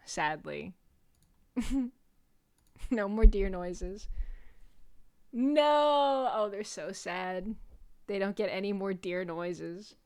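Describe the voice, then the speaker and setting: A woman's voice: medium pitch, clear, resonant tone. A young woman streaming as a VTuber, chatting casually and playfully with her chat, laughing often and swearing freely.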